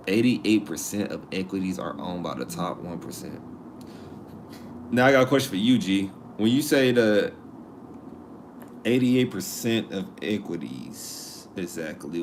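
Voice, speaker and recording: A man hosting a live stream in casual chat, reading viewer comments aloud and answering in an animated, slangy way that repeats itself. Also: lowish voice, slight background noise. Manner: animated, repeats himself, slangy asides and laughs.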